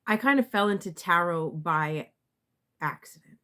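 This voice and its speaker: Low-voiced lady tarot reader, slow and halting, lots of ums and restarts, kinda choked up. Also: animated, bright, forceful tone. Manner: halting, many fillers and restarts. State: emotional, near tears. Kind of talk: casual talk to camera.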